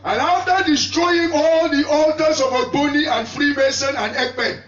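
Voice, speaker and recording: A man, preaching a fervent sermon with shouted bursts and calls to the congregation. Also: extremely high pitch, fairly even intonation, normal speed. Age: 50s. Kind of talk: impassioned sermon. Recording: echoey hall, distant dull mic.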